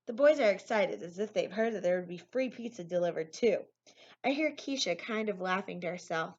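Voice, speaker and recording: A woman's voice: medium pitch, animated, a little fast. Woman reading a novel aloud. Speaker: reader. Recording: lo-fi recording.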